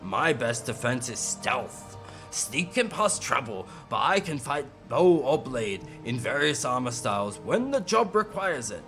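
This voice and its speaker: A man putting on a boastful game townsman who drawls about himself in a dropped, self-pleased voice. The delivery is slow and lingering, with the lines swooping up and down, over faint background music. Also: mid-range voice, big pitch swings, a bit bright. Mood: smug. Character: boastful male townsman, smug and chatty.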